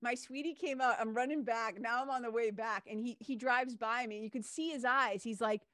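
A woman hosting a podcast, telling stories in a lively casual way and swearing now and then. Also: a little high, normal speed, no echo, clean studio sound. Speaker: podcast host. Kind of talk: casual interview chat.

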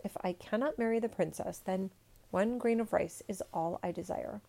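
A woman reading a storybook, voicing a humble young male peasant who speaks calmly and quietly. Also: medium pitch, moderate pace, vocal fry, natural voice. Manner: calm and quiet.

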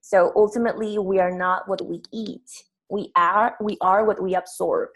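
A woman's voice: medium pitch, steady tone, normal speed, low-quality recording. A woman from Peru, a health coach explaining her field earnestly as a guest. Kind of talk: interview answers.

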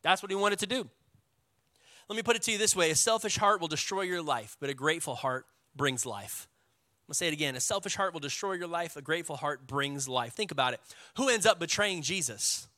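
A man with a Texan accent, a pastor preaching a sermon in a lively, casual way with call-and-response. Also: fairly high pitch, fairly quick, dry recording.

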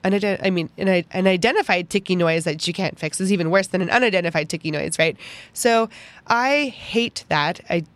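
A young woman hosting a podcast, telling a personal story in an animated, chatty way full of "like" fillers. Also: lowish voice, fast talker, few pauses, no echo. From Pittsburgh, United States. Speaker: podcast host.

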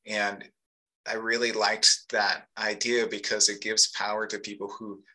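A man's voice: on the low side, level tone, measured pace, sharp tone, poor audio. A man co-hosting a live discussion, talking earnestly and thoughtfully about masculinity, with many fillers. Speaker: podcast co-host. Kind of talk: reflective casual discussion.

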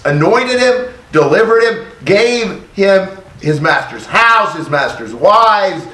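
Man, Bible study teacher: unhurried, emphatic, slightly high voice, echoey room. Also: animated, fairly bright tone. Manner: thoughtful, emphatic, exclaims for effect.

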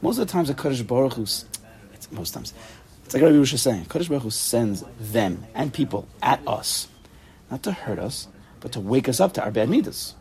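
A man leading an informal Torah class, animated and playful, full of rhetorical questions. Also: mid-range voice, fairly quick.

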